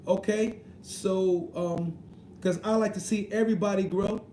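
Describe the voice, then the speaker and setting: On a live stream, a man with a high, mellow voice reads chat at a measured pace, joking often, using slang and repeatedly asking "you know what I mean." The room is echoey, with a faint hum underneath.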